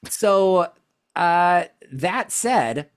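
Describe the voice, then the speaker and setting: A podcast co-host in a casual chat, sarcastic and quick to laugh. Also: medium pitch. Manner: animated and sarcastic, laughs often.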